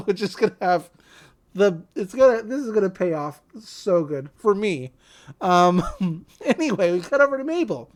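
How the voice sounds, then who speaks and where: Woman podcast co-host, casual recapper, lively and sing-song. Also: medium pitch, unhurried. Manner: animated retelling with many fillers.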